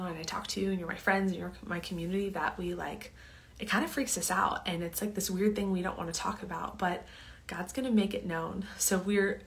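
A woman hosting a casual storytelling monologue, chatty and earnest, sometimes dropping to a near-whisper. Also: fairly low pitch. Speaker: host.

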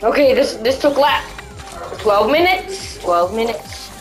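A young woman with a higher voice talks over her gameplay in unhurried, drawn-out phrases, breaking into yells at the screen. Game music plays clearly behind her desk mic. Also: rough recording. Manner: excitable, yelling at the game. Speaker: gamer. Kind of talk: let's play commentary.

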